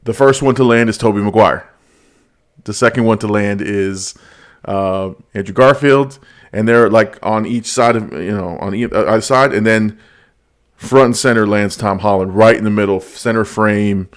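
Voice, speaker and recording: A man hosting a casual podcast, talking about movies in an animated, storytelling way. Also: lowish voice, moderate pace. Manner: animated, storytelling with quoted lines and laughs. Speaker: podcast host. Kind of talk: casual movie review chat.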